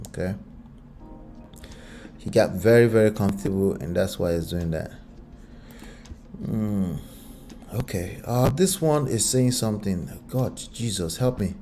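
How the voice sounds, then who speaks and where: A man's voice: on the low side, mellow. A man hosting a reaction commentary, talking casually with exasperated asides. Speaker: commentary channel host.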